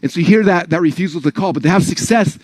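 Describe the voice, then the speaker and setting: A man's voice: on the high side, very fast, a little mellow, no echo. A man giving a casual, rambling motivational talk to an audience of learners, full of "like" and "right?". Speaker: speaker at an online business training.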